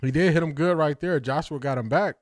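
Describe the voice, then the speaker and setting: A man's voice: a little high, a little fast, no echo, studio quality. A man reacting live to a boxing match at a watch party, exasperated, laughing, and repeating himself. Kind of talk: live fight reaction commentary.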